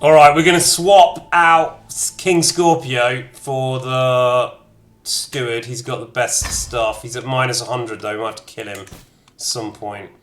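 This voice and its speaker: A man gives offhand commentary while streaming a strategy game, tossing out clipped one-word reactions as he clicks through menus. His voice sits at an average pitch, with faint music underneath. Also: fairly even intonation, a little slow, fairly bright tone. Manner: chatty, reacting to chat and menus in short bursts. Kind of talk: casual gameplay commentary.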